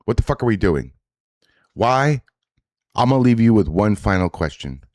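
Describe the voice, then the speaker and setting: A man with a very low voice hosts an online reaction show. He talks bluntly and swears a lot, and he keeps sounding exasperated. The sound is dry and close, with no room echo. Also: big pitch swings, normal speed, darkish tone. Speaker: host reacting to clips. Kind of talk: casual reaction commentary.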